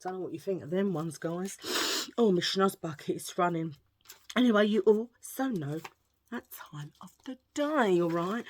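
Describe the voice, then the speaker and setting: A woman's voice: lowish voice, animated, normal speed, pauses often, slight background noise. A woman with an English accent, chatting casually and cracking jokes for her viewers, a bit under the weather. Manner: chatty, joking, cheeky asides. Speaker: vlogger. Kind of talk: casual chat.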